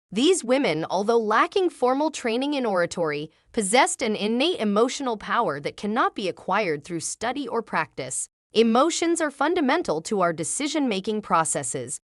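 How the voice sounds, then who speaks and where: A woman's voice: medium pitch, dry recording, studio quality. A woman narrating a book summary in a polished, scripted reading without fillers.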